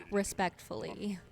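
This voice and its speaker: A woman's voice: extremely low pitch, gravelly. A woman streaming a video game, chatting casually with her viewers in a playful, teasing way. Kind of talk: casual gameplay livestream chat. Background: game music.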